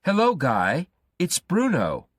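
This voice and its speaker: Man voicing an obsessive young male stalker, raised pitch, pleading and threatening, storybook reading, breathy. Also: huge pitch swings, slow pace, no room sound, clean studio sound, full character voice. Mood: insistent.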